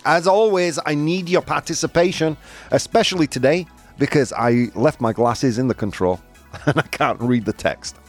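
A man's voice: on the high side, moderate pace, soft background music. A man hosting a live morning show, chatting casually and playfully, switching between languages and punching words for emphasis.

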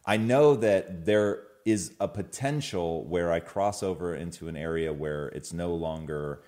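Low-voiced man, measured, explaining in casual chat. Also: warm tone. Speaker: co-host in couple's chat.

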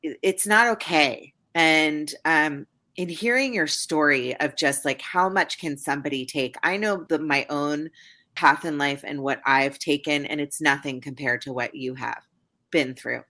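Low-pitched woman host, emotional interviewer, stumbling through heartfelt words. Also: sharp tone. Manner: halting, tearful, repeats words. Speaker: podcast host.

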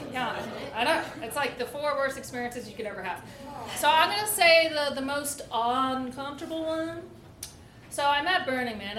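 Her voice is a little high and a bit bright as she casually recounts a candid, funny story, giggling often and leaning heavily on "like." Background noise and echo fill the room.

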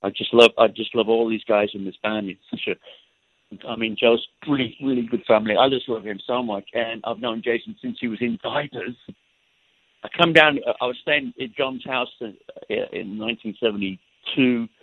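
An older man speaks with a husky, slightly breathy grain, gushing with praise and affection in loose interview talk. The voice comes through a thin, phone-like line that strips away lows and highs. It sounds close and dry. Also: moderate pace, no echo. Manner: effusive and warm about others. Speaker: guest musician. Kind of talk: casual interview chat.

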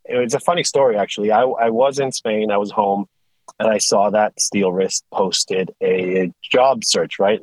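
A man with a lowish voice tells his story in a loose, animated way, often stopping and restarting mid-sentence. The sound is dry and close, with no room around it. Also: moderate pace, dry recording, rough recording. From Sweden. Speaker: guest, tilt rotator company executive. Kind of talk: casual conversational storytelling.

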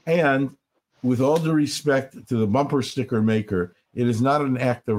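An older man speaks in an earnest, storytelling way, often slowing down to lean on his key points. His voice sits at a middle pitch for a man, and he talks like a rabbi sharing reflections in a conversation. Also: a little mellow. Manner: earnest, storytelling, slows for emphasis. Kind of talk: reflective interview talk.

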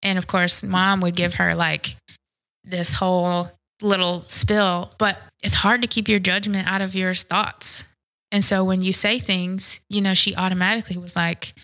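A woman in an interview, speaking candidly and reflectively about her past, often pausing and restarting her sentences. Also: mid-range voice, little pitch movement, fairly bright tone, low-quality recording. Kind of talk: personal testimony interview.

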